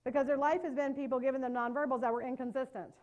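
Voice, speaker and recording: A woman trainer giving a workshop talk. Her voice sits a little high, and she stays lively and conversational, tossing quick tag questions to the room to keep people with her. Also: highs cut off. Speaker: trauma-informed care trainer. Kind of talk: live workshop lecture.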